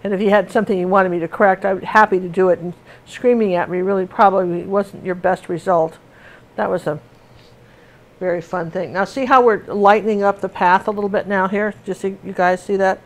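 A woman's voice: mid-range voice, steady tone, brisk. Middle-aged woman, art teacher, loose and chatty, drifts into stories mid-lesson. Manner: chatty and rambling, with many fillers and restarts. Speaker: painting teacher. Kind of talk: casual tutorial chat while painting.

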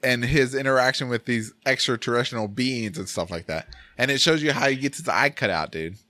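An excitable man hosting a casual movie-review chat, rambling through his points and breaking into laughter. His voice sits at an ordinary middle pitch, recorded dry and close with no room sound. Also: brisk, no echo. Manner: animated, rambling, laughs often. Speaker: podcast host.

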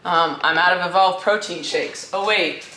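A woman's voice: fairly low pitch, moderate pace, roomy sound, music in the background. A woman talking casually to camera at home, playful and rambling, poking fun at herself. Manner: playful, rambling, self-mocking. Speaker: vlogger. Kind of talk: casual daily vlog.

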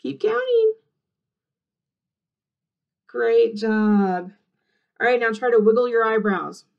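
A woman kindergarten teacher with a fairly high voice leads little children through a movement storybook. She talks in an animated, sing-song way, cheering them on after every action. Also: measured pace, gravelly, lo-fi sound. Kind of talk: interactive read-aloud for young children.

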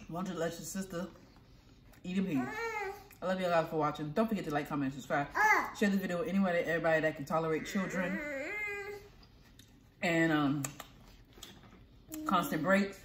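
A woman vlogging a meal with her kids on a phone camera, chatting with her mouth full and gently scolding the children. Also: deep voice, moderate pace, pauses often. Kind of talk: casual chat while eating. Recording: echoey room, faint noise.

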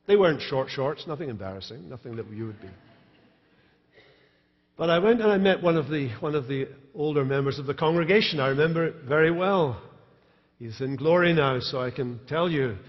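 A man's voice: a little high, lively intonation, brisk. A man, a pastor preaching a sermon with storytelling and dry humor in a large church. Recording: reverberant church hall, dull live stream.

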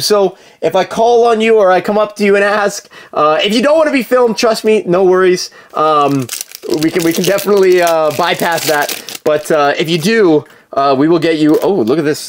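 A man's voice: sits high, slight background noise. Guy hosting a card break stream live, voice goes up and down a lot, rambly, lots of uhs, calls out cards. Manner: chatty, filler-heavy, calls out cards while talking to viewers. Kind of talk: casual live-stream chat.

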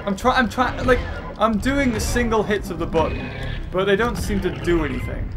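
A man doing jokey gameplay commentary as a let's play host, excitable and often shouting at the screen. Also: high voice, normal speed. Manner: excitable and jokey, yelling at the game. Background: game music.

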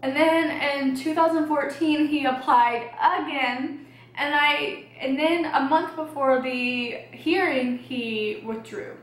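Casual girl vlogging over snacks, lots of ums and likes, kinda high voice, roomy echo. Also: slow. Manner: chatty, many fillers and hedges. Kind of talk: casual true-crime chat while eating. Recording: roomy echo, faint background noise.

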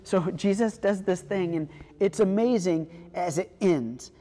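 A woman pastor preaching a sermon in a relaxed, conversational storytelling way. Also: on the low side, a little slow, big-room sound.

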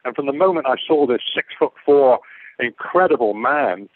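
Older guy rambling through stories on a call, tinny phone sound, kinda husky. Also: medium pitch, lively intonation, normal speed. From England. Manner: digressive, repeats words, loses his thread. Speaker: guest actor. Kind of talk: rambling interview anecdotes. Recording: muffled phone-like call line.

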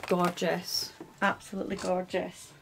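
A woman's voice: lowish voice, completely flat delivery, unhurried, vocal fry, fairly bright tone. A woman beauty vlogger chatting to camera in a casual haul video, gushing and filling her sentences with "like" and "um.". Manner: gushing, chatty, heavy use of "like" and "um". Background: background music.

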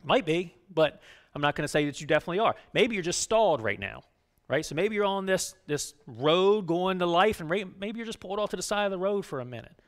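A man preaching a sermon as pastor, talking conversationally and often checking in with "right?", moving between loud urging and quiet. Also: high-pitched, lively intonation, a little fast. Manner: conversational, keeps asking "right?".

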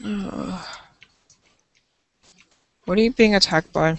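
A man's voice: sits high, takes it slowly, creaky, a bit bright, no echo. A man live-streaming a game, chatting casually, giggly and rambling with lots of fillers.

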